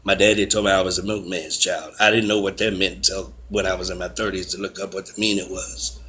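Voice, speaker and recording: Man in his 40s, lowish voice, chatty storytelling, acts out quotes. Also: quick pace. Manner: animated, acts out quotes with raised pitch. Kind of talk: casual storytelling chat.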